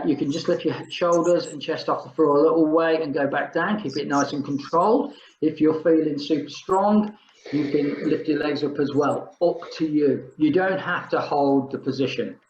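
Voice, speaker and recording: An older man runs a casual exercise class, counting down the rounds and chatting between sets. His voice sits a little high. The sound is dull and echoey, with faint noise under it. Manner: chatty, jokey, counts down reps. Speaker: fitness instructor.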